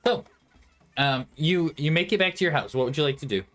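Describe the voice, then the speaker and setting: A man narrating as game master, speaking haltingly with many fillers and frequent laughs. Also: fairly high pitch, animated, a bit bright, soft background music.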